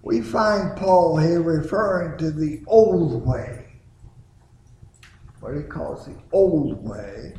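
A male preacher delivers his sermon at an unhurried, deliberate pace. His voice sits slightly high and swells to emphatic peaks between long pauses. The sound carries the ring of an echoey room. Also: animated, a little mellow. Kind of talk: sermon with sung hymn opening.

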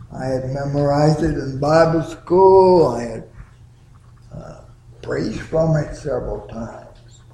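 A middle-aged male pastor preaching a sermon with slow, deliberate, drawn-out words in a church sanctuary. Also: on the high side, mellow, slight background noise. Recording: echoey church room.

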